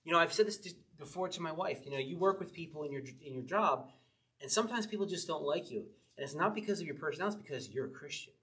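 A man's voice: fairly high pitch, expressive, fairly bright tone, distant mic. Chatty man preaching a Bible study. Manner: conversational, laughs often, slows to read scripture aloud. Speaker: pastor. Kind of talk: sermon, verse-by-verse Bible teaching.

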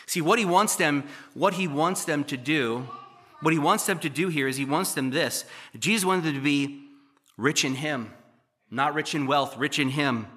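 Bright-voiced pastor preaching conversationally. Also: male voice, fairly high pitch, moderate pace. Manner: conversational, asks the congregation questions; jokes and teases, swings between loud emphasis and quiet asides. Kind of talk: sermon. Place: church.

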